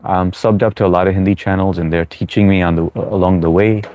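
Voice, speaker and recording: A man's voice: low-pitched, steady tone, quick pace, a little mellow. An American-born man hosting a live chat Q&A, chatty and reassuring, with many fillers as he answers viewers. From United States. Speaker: livestream host. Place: New York.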